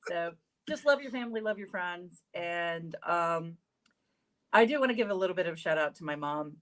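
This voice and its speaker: A woman's voice: fairly low pitch, expressive, brisk. A woman co-host giving a casual, earnest closing thought on a sports talk show.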